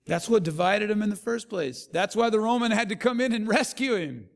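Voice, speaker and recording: A man with a high, gravelly voice delivers a sermon and acts out each person in his stories. His voice rings through a hall with a long, lingering reverb. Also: fairly quick. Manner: animated storyteller acting out quotes. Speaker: pastor.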